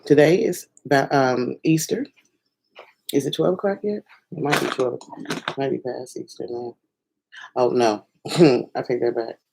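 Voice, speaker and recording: Gravelly low-voiced bubbly woman vlogger. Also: unhurried, pauses often, background noise. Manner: bubbly, rambling, laughs and squeals often. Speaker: filmmaker and singer doing her first livestream. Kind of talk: casual excited livestream chat. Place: home at night.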